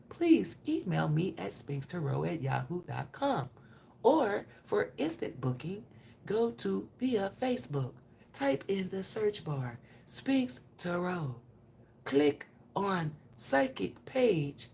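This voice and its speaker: A woman's voice: medium pitch, vocal fry, darkish tone, slight background noise. A woman giving a casual tarot reading on a live stream. She is blunt, chatty and profane, and talks straight to her viewers. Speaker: tarot reader.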